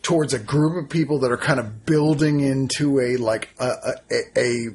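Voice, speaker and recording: A man chatting casually about films, enthusiastic and animated. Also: mid-range voice, normal speed, breathy edge. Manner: enthusiastic, animated, quotes people in put-on voices. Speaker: podcast co-host reviewing films. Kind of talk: casual chat.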